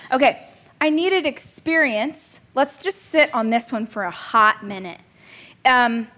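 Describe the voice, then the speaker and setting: A woman in her thirties teaches a business coaching class in a chatty, joking way, laughing at herself now and then. Her voice is on the high side, bright and forceful.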